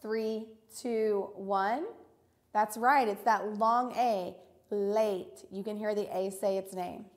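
A woman teacher giving a recorded reading lesson to young children, enunciating each word deliberately and praising them warmly. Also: medium pitch, steady tone.

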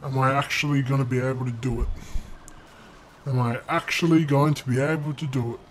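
A man's voice: mid-range voice, steady tone, a little fast, a little hiss or hum. A young man commenting on his own gameplay footage, exasperated and swearing constantly as he hurls insults at himself. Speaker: gaming video creator.

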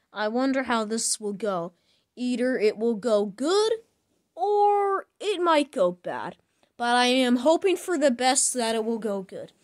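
Slow, chatty woman narrating a plush skit. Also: fairly high pitch. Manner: repetitive, chatty self-narration. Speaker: plush video maker.

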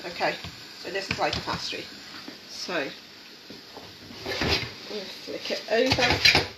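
A woman hosting a casual cooking demonstration in a home kitchen, chatting and encouraging while she works. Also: fairly high pitch. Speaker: cooking show host. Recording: echoey kitchen, mic at a distance, background noise.

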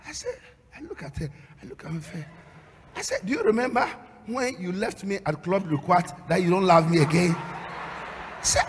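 A man preaching a sermon as a pastor, swinging between storytelling and loud, half-sung, shouted exhortation. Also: sits high, huge pitch swings, brisk, slight background noise. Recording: long hall reverb.

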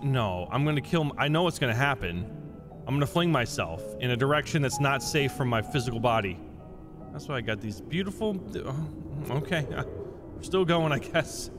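A young man playing a horror game and reacting out loud, jumpy and swearing, losing his voice. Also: a little high. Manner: jumpy, swearing, talking to himself. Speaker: gaming channel host. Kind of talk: let's play commentary. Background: loud game music.

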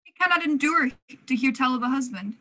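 A genial, scheming prince, played by a teenage girl, stately and fond of matchmaking. The voice is high. It comes over a home video call for a school play. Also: a little fast, pushed and bright. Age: late teens. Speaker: student actor.

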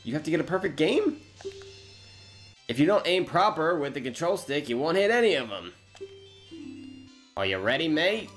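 A cheery, mate-saying shooting gallery keeper, as a man puts him on in a raised, bouncy voice. He reaches for a rough Australian-style lilt, with video game music playing underneath. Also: fairly high pitch, big pitch swings, moderate pace, long pauses, a bit bright, pitched above the performer's own voice. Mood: eager. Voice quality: attempted Australian-style accent, calling everyone mate.

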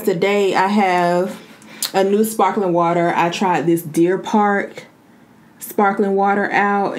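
A woman's voice: fairly low pitch, a little mellow. A woman chatting casually to her viewers as she eats, calling them "y'all". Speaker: mukbang vlogger. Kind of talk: casual eating vlog chat.

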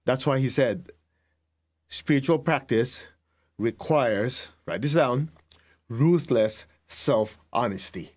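A middle-aged man teaching meditation in a slow, measured way, pausing to have listeners note key ideas. His voice sits at an ordinary mid pitch, and he laughs at himself as he recalls his own lessons. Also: expressive, a little mellow. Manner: slow, deliberate, tells students to write things down; laughs at himself, acts out remembered exchanges. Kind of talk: spiritual teaching talk.

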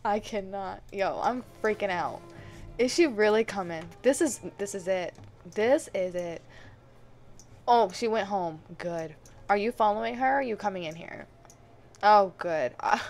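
A woman hosting a life-sim let's play, commenting excitedly with gasps and laughs. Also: medium pitch, a little slow, creaky, long pauses, a little hiss or hum. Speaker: gaming channel host.

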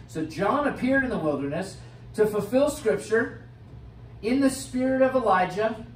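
A man with an American accent, a pastor preaching a sermon with expressive swings from loud to hushed. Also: high voice. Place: church sanctuary. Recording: roomy church sound from a distant mic, faint hiss.

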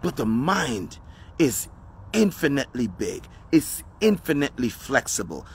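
A man's voice: medium pitch, very animated, unhurried, slight background noise. A man giving a motivational talk outdoors, with an emphatic, preachy delivery that repeats key phrases. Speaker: motivational speaker. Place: outdoors on his front step.

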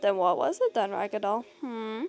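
A woman's voice: a little high, lively intonation, moderate pace, creaky, darkish tone. A woman voicing a snarky, sarcastic male rabbit prankster in a fan audio role-play, mocking and swearing casually. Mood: teasing.

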